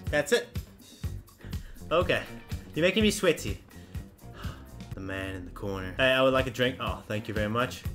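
A bright, lively man reacts loudly while he plays a game, swinging his pitch up and down as he chatters at the characters. He laughs often, and faint game music runs underneath. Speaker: gameplay commentator. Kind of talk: let's play commentary.

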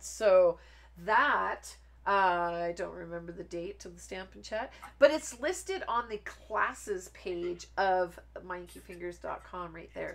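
A woman talks her viewers through a card making live stream. She rambles from topic to topic in a loose, chatty way and breaks into laughter often. Her voice sits at an ordinary middle pitch for a woman. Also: vocal fry. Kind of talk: casual live stream chat while crafting.

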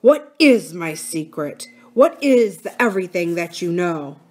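A stern grown man, as a woman reading aloud puts him on, speaking in clipped, curt phrases. His questions come out sharp and firm in this storybook reading. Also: mid-range voice, big pitch swings, a little slow.

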